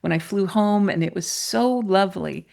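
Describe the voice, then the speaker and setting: A woman's voice: medium pitch, moderate pace, gravelly. A middle-aged woman shares a personal story as an interview guest. She tells it with energy and brings other people to life by acting out their voices. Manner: lively storyteller who acts out the voices of others. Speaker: podcast guest.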